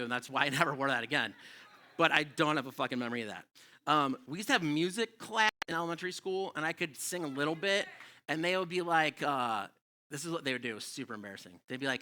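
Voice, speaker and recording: A middle-aged male comedian on a club stage, rambling through a loose, profane set. His voice sits fairly high and comes across very bright and forceful. He keeps it self-deprecating. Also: quick pace. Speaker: stand-up comedian. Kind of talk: live stand-up set.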